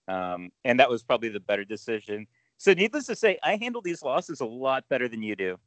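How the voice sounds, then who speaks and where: A man's voice: medium pitch, sing-song, a little fast, no echo, rough recording. A man co-hosting a casual podcast chat in a laid-back, teasing way. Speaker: podcast co-host.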